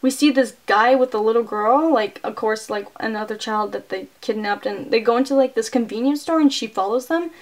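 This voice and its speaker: Young woman, fairly high voice, chatty movie review, excitable, lots of filler words. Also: brisk, hardly any pauses. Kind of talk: casual retelling of a film plot.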